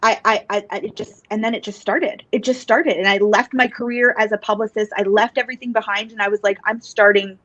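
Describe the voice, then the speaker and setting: A woman guest telling her story in a casual interview, earnest and animated, with many fillers and restarts. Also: medium pitch, a little fast, hardly any pauses. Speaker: psychic medium and guest. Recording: dull, dry lo-fi podcast audio.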